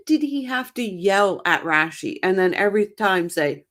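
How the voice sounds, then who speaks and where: With a mid-range, slightly bright voice and lively intonation at a normal speed, this woman hosts a laid-back true crime stream. Tired from lack of sleep, she chats with viewers about their comments, opinionated and rambling, frequently restarting.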